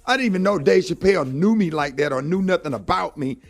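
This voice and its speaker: A man's voice: high-pitched, expressive, fast, faint music behind. A middle-aged man hosting a morning radio show, telling a heartfelt story in an earnest way and saying "man" often. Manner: earnest, heartfelt, fills talk with "man" and "you know".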